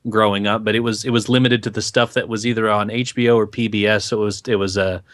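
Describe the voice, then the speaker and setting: A man co-hosting a podcast in casual chat, relaxed and halting, often restarting his sentences. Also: lowish voice, dry recording, studio quality. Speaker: podcast co-host.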